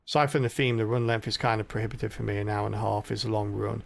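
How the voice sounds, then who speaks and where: A man's voice: lowish voice, fairly even intonation, very fast, creaky. A middle-aged man streaming a game live, rambling and thinking aloud as he plays. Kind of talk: live gameplay commentary.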